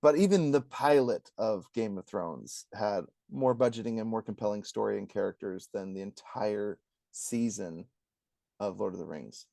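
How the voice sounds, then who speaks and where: A man co-hosting a casual review podcast, ranting with energy and acting out quotes in a higher voice. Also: moderate pace, creaky, no room sound, studio quality. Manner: animated, ranting, acts out quotes in a high voice. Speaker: podcast co-host.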